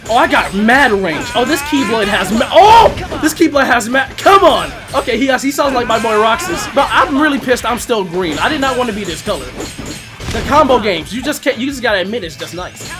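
A gaming YouTuber with a high, lively voice plays a fighting game, firing off fairly quick, slang-heavy commentary. Excitable, he swings from shouting to laughing with his pitch constantly moving, while bouncy game music plays loudly behind him.

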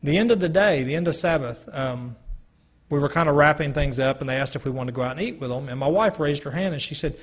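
A man's voice: on the high side, fast talker. A man giving an earnest personal testimony to a gathering, telling a story with quoted dialogue. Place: church hall or meeting room. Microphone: handheld or stand mic, sometimes stepping away.

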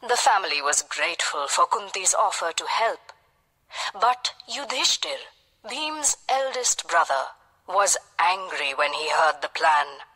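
A woman narrating a children's storybook tale in a lively storytelling manner. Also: fairly low pitch, a little slow. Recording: long hall reverb.

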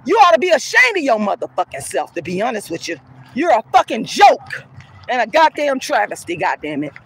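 A woman's voice: on the high side, wildly swooping pitch, a little fast, husky. A woman activist ranting to camera outdoors, heated, cursing and scornful. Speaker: colorism activist. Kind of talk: angry profane rant to camera.

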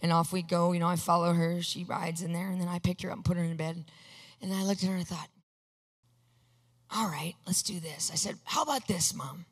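A woman preaching a testimony sermon, telling her story with energy, acting out each exchange and bursting into excited shouts. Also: on the low side, a little fast, slightly rough. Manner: animated storyteller acting out dialogue. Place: large hall with a screen. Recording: long hall reverb.

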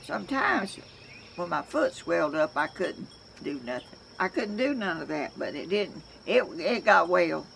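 A woman's voice: on the low side, sing-song, measured pace, gravelly, fairly bright tone, a little hiss or hum. An older woman with a Southern accent, chatting to camera in a rambling, homey way as a crafts vlogger, often restarting her sentences, outdoors at home. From Georgia, US. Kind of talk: casual chat to camera.

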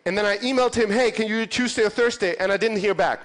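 A man's voice: high voice, fast talker, a bit bright. A man from Europe in his thirties giving a conference keynote, telling stories in a punchy, profane way and acting out the dialogue. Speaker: conference speaker. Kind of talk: animated storytelling keynote. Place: conference stage.

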